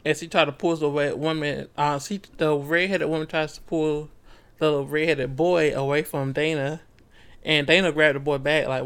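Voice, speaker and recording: A man's voice: fairly high pitch, fairly even intonation, moderate pace, fairly bright tone, smooth. Laid-back, swearing man recapping a book. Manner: loose and profane, laughs easily, acts out quotes. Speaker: book club podcast host. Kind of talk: casual chat recapping a novel.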